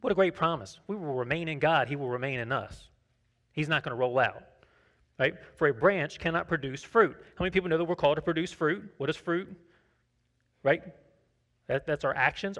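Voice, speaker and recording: A man's voice: a little high, a little fast, fairly bright tone. A man preaching a sermon as pastor, conversational, often asking the congregation questions. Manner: tells personal anecdotes, acts out dialogue.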